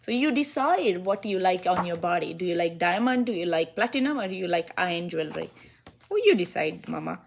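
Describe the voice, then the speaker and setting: A woman's voice: on the low side, expressive, fairly quick, creaky. A woman physician talks a client through a routine in a one-on-one consultation. She repeats her key instructions to make them stick and laughs easily along the way. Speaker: Ayurvedic physician.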